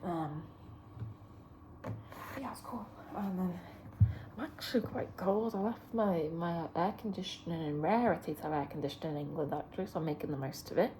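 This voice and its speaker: A woman's voice: lowish voice, moderate pace, mellow, a little hiss or hum. A woman vlogging from a hotel room, rambling chattily with plenty of fillers. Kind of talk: casual chat to camera.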